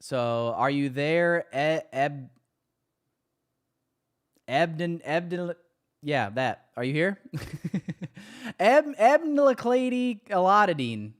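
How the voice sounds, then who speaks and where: A man hosting a casual livestream, bantering excitedly with his chat and running giveaways. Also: fairly high pitch, extremely slow, pauses often.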